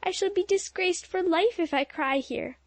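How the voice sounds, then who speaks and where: A woman reading an audiobook, voicing an excitable, dramatic teenage girl who gushes and frets. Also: very high voice, normal speed, no room sound, voice pushed up. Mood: overwrought. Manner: gushing, overwrought.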